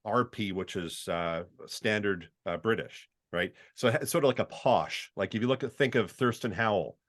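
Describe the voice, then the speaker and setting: A man's voice: fairly low pitch, normal speed, fairly bright tone. A middle-aged man from Canada, a voiceover artist chatting casually as a podcast guest, often acting out the voices he describes.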